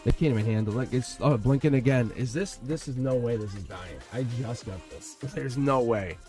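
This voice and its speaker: A man giving a live-stream tarot reading, excitable and blunt, swearing and laughing as he talks to viewers. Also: mid-range voice, normal speed, over music. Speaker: tarot reader.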